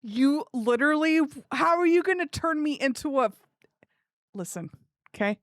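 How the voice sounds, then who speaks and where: Lively, bubbly woman streamer. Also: sits high, moderate pace, no echo, clean studio sound. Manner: animated, giggly, chatting with viewers. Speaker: live streamer. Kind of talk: casual live stream chat.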